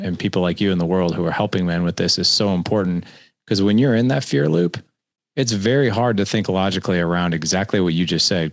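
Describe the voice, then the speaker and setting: A man's voice: deep voice, no room sound. A man hosting a podcast interview, reflecting on what his guest says and asking follow-up questions. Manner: engaged, reflective, sums up and asks follow-up questions. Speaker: podcast host.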